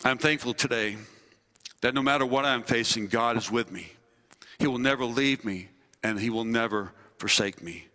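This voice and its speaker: A man, a pastor and former army chaplain, preaching a sermon with earnest delivery, slowing and dropping low on key phrases. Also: bright, forceful tone. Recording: long hall reverb.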